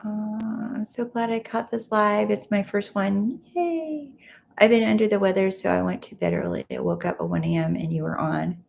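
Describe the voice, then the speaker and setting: A woman's voice: medium pitch, normal speed, gravelly, darkish tone, a little hiss or hum. A woman hosting a casual livestream, reading viewer comments aloud and chatting back to them from home. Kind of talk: casual live chat.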